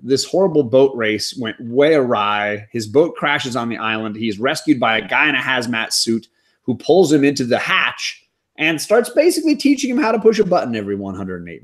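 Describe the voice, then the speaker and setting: A man hosting a casual TV recap chat, talking in an animated, wry way with quick asides. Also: mid-range voice. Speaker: podcast host.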